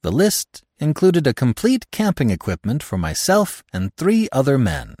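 A man reading a first-person story aloud as the narrator, in an expressive, theatrical style. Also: mid-range voice, normal speed, husky, no room sound, clean studio sound. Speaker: audiobook narrator.

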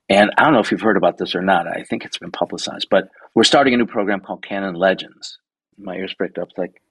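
A man in his sixties with a low, gravelly, somewhat husky voice, recorded dry and close. He chats through anecdotes in a loose, animated way, swearing casually and acting out the voices of the people he quotes. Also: fast talker, no room sound, poor audio. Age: 60s. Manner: animated, swears freely, acts out quoted dialogue. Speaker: guest photographer. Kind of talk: casual interview storytelling.

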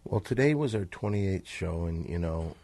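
A man hosts a comedy podcast, wry and teasing. His voice is low and gravelly with a husky grain. It is recorded dry. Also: lively intonation, moderate pace, mellow, no room sound. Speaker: podcast host. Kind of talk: casual chat.

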